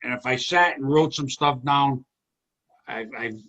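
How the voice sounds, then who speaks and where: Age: 60s. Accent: Italian-American. Role: comedy host. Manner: rambling, reminiscing. Sound: dull video call audio. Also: male voice, medium pitch, measured pace. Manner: reminiscing, rambling and warm-hearted. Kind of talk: casual chat on a video call.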